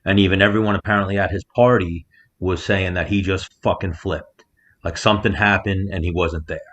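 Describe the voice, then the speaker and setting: A man with a fairly low voice co-hosts a podcast from a rented house. He tells his story in a loose, profane way and punches up the quotes. The sound is muffled and lo-fi, like a remote call. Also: brisk, slight background noise. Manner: animated storyteller, acts out quotes loudly. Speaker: podcast co-host. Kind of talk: casual storytelling chat.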